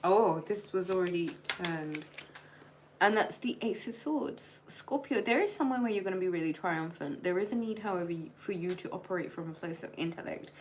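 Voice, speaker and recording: A woman's voice: fairly low pitch, fairly quick, a little hiss or hum, poor audio. A woman live-streaming a tarot reading, chatty and playful, addressing each star sign directly. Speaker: tarot reader.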